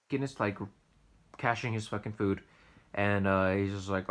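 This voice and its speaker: A young man with a fairly low voice tells work stories in a loose, rambling vlog. He swears freely and trips over his words, restarting sentences again and again. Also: fairly quick. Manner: rambling, profane, stammering restarts. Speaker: sandwich shop worker telling stories. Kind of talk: casual storytelling vlog.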